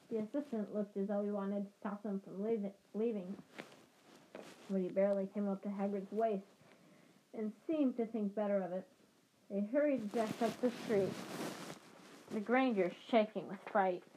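A woman's voice: mid-range voice, fairly even intonation, moderate pace, long pauses, warm tone, slight background noise, low-quality recording. A woman reading a fantasy novel chapter aloud, stumbling and rereading lines as she goes. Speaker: reader.

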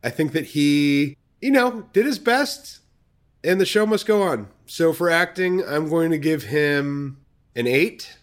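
A man's voice: fairly high pitch, animated, a little slow. A man co-hosting a podcast, joking in a casual, crude and profane way. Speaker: podcast co-host. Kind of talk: casual comedic chat.

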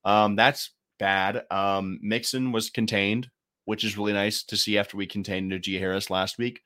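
Man, lower voice, casual sports chat, joking, restarts, fillers. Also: fairly even intonation, normal speed, pushed and bright. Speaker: podcast co-host.

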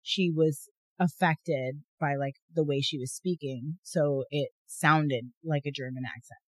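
A woman co-hosting a podcast in casual chat, talkative and quick to laugh, with lots of fillers. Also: deep voice, steady tone, no echo. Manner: chatty, laughs often, many fillers. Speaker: podcast co-host.

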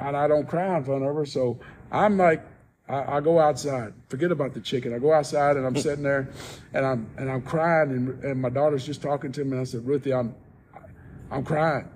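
A man as a podcast guest, telling a personal story in casual talk, soft-spoken and rambling with many restarts. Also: fairly high pitch, fairly even intonation, fairly quick, slight background noise.

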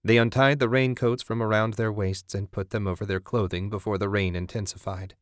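A man narrating a story in a steady, even audiobook style. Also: fairly low pitch, a little fast, dry recording, clean studio sound.

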